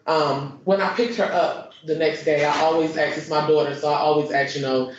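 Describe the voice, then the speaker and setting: A woman giving courtroom testimony, halting and repeating herself with many fillers. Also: low-pitched, fairly even intonation, background noise. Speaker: witness. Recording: echoey muffled courtroom stream.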